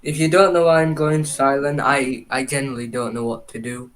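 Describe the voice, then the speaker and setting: A man's voice: medium pitch, level tone, brisk, a bit bright. Casual young man chatting about football. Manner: rambling, reads out chat names, swears casually. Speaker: football podcast co-host. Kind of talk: casual live-stream chat.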